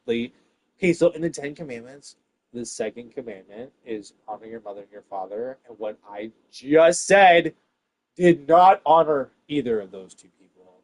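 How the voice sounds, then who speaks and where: A man ranting to his viewers in a rambling, profane monologue, swinging between loud bursts and hushed asides. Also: mid-range voice, lively intonation, normal speed, dull audio.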